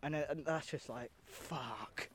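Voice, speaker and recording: A man's voice: on the high side, fairly quick, crowd noise. A young man co-hosting a podcast, rambling and swearing casually as he talks through scenes, often trailing off mid-sentence. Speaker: podcast co-host. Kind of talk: casual chat.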